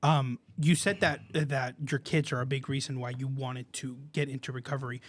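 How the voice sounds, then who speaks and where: A man's voice: medium pitch, fairly even intonation, brisk. A man co-hosting a wellness talk show, asking questions and backing the guest with short affirmations. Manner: supportive, with frequent short affirmations. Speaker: co-host. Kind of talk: casual interview chat.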